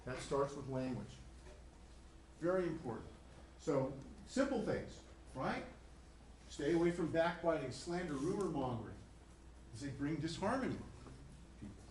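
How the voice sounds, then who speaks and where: A man's voice: a little high, very animated, a little mellow. Chatty middle-aged male professor lecturing. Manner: conversational, repeats himself, acts out quick voices. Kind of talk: college lecture. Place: classroom. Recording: echoey classroom with faint noise.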